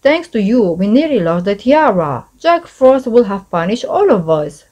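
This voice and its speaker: A woman's voice: medium pitch, very animated, moderate pace, a little mellow. A woman reading the part of a quarrelsome spotted male goblin in a storybook, grumbling and blaming.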